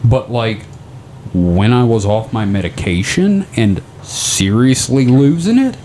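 A man's voice: medium pitch, expressive, takes it slowly, a little mellow, slight background noise. Rambling, profane podcast co-host, a man. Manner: rambling storyteller, profane, loose and joking. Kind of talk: casual podcast chat.

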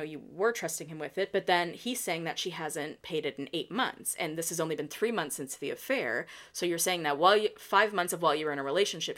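A woman in casual podcast chat, breaking down reality-TV drama with strong opinions. Her voice sits a little low for a woman, and she talks loosely, full of "like" and quick asides. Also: a bit bright. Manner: opinionated, chatty, heavy use of "like". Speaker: podcast host.

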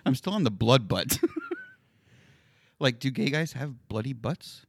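A man's voice: mid-range voice, animated, slow, vocal fry, dry recording. A young man in crude casual banter, giggling a lot and chiming in with silly questions.

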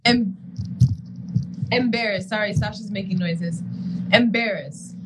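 A woman's voice: medium pitch, measured pace. A woman running a spelling game in casual chat, laid-back and often laughing. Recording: noticeable background noise.

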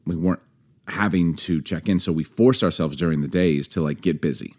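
Homme à la voix très grave, bavard. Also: male voice, low voice, a little fast. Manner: relaxed, chatty, many fillers. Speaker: podcast co-host. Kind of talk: casual chat.

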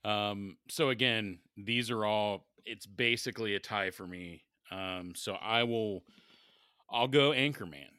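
A man co-hosting a casual chat, animated and quick to laugh as he quotes favorite lines. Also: fairly low pitch, clean tone, dry recording. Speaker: podcast co-host.

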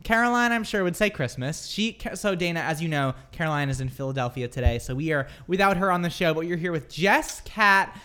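Animated woman podcast host. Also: on the low side, a little fast, hardly any pauses. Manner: lively, bubbly. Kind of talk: casual group chat. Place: New York studio.

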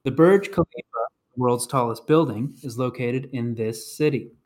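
A man's voice: medium pitch, moderate pace, a little mellow. A man hosting a casual podcast trivia game, reading clues and announcing scores.

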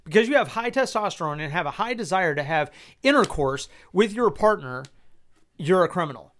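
Male podcast host with a somewhat high voice, blunt and incredulous, heavy swearing, frequent restarts. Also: animated, brisk, fairly bright tone. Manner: exasperated, swears a lot, stammering restarts; incredulous rhetorical questions. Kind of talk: personal commentary podcast.

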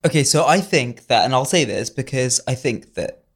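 Earnest, mid-pitched podcast guest. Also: lively intonation, normal speed, slightly rough. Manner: earnest and emphatic. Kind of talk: conversational interview.

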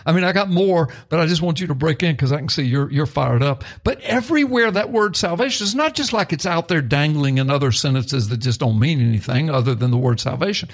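A middle-aged male pastor teaching excitedly on a talk show, reading scripture aloud with rising emphasis. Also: fairly high pitch, fairly quick, hardly any pauses.

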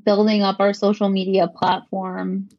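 A woman co-founder answering interview questions in a measured, articulate way, with a touch of dry sarcasm. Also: medium pitch, little pitch movement, no echo, dull audio. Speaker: company co-founder.

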